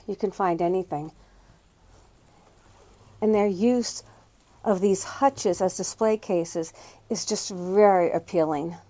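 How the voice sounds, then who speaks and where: A woman's voice: mid-range voice, mellow. A middle-aged woman hosting a casual tour of antique and thrift shops, pointing out items with fond admiration. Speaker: host touring antique shops. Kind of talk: casual walking shop tour.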